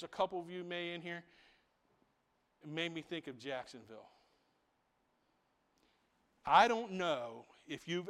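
A man preaching a sermon as pastor in a church. He swings between loud, rising proclamation and hushed asides, builds his points by repeating phrases, and keeps asking the congregation "right?". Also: on the high side, smooth, long reverb tail.

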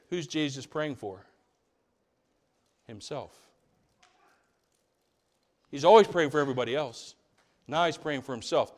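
Male preacher with dramatic swings. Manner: dramatic, swings between loud emphasis and hushed low passages; asks the congregation rhetorical questions. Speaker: pastor. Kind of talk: sermon.

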